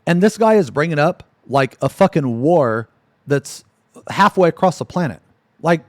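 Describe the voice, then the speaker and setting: A man streams and rants, swearing and sarcastic, sounding thoroughly fed up. His voice sits somewhat high and swings widely in pitch. The sound is dry and close, with no room echo. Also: expressive, measured pace. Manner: profane, exasperated, sarcastic ranting. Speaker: Twitch streamer. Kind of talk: ranting livestream commentary.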